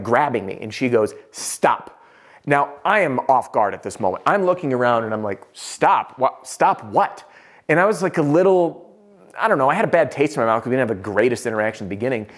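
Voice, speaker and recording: Man telling a lively sales story. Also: mid-range voice. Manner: animated, conversational, self-deprecating. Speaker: sales trainer.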